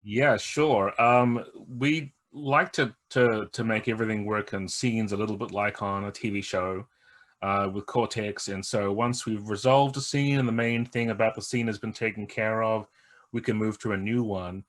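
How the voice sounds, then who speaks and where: Low-voiced man explaining game rules. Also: steady tone, moderate pace, fairly bright tone. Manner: earnest, explanatory. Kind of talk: playing and explaining a tabletop game.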